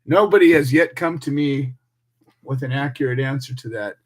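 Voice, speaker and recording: A man's voice: mid-range voice, moderate pace. An American man hosting a radio show, delivering a fiery, preachy monologue full of rhetorical questions and emphatic repetition.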